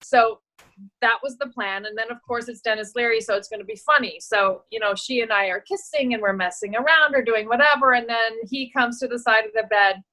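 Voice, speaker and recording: Bright-voiced woman telling lively stories. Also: a little high, brisk, rough recording. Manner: animated storyteller, acts out quoted voices, laughs often. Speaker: actress and producer, guest. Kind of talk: casual anecdote telling.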